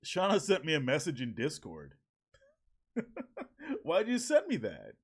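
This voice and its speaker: A man's voice: fairly high pitch, huge pitch swings, slow pace, slightly rough. A man streaming from home, chatting casually with viewers, joking, swearing and laughing often. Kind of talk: casual live-stream chat reacting to viewers. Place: home at evening.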